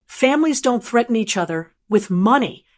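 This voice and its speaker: A calculating daughter-in-law, smooth and cold, dripping with fake concern, as a woman narrator puts her on. A storybook figure read in a silky, controlled way. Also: on the high side, animated, normal speed, lightly acted. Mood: coldly soothing.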